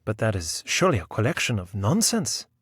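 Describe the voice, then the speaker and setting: A man's voice: fairly low pitch, big pitch swings, fairly quick, husky, no echo, studio quality, exaggerated voice. A man playing a young priest who speaks emphatically and protests. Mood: emphatic.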